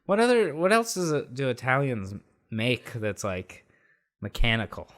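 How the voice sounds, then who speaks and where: A man's voice: medium pitch, very animated, moderate pace, fairly bright tone. Easygoing man who laughs along. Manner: easygoing, laughs often, unsure. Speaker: podcast co-host. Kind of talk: casual comedic banter.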